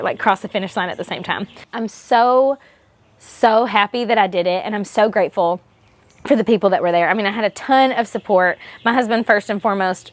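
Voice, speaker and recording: In this casual race recap, a young woman vlogger with a slightly high voice tells how her race day went. The recording has no echo, and her chatty excitement gives way to emotion.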